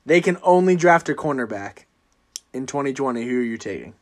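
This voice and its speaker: A man hosting a casual sports podcast, animated and teasing, often breaking into loud laughs. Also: mid-range voice, brisk. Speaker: podcast host.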